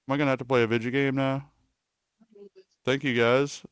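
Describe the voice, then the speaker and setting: A man's voice: medium pitch, flat delivery, brisk, pauses often, clean tone, dry recording, clean studio sound. A man streaming live in a casual, rambling way, reading and answering chat with self-mocking asides.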